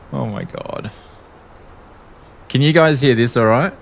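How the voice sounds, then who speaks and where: A man's voice: mid-range voice, unhurried, vocal fry, slight background noise. A man with an Australian accent chatting casually on a livestream, talking freely and laughing often. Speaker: streamer.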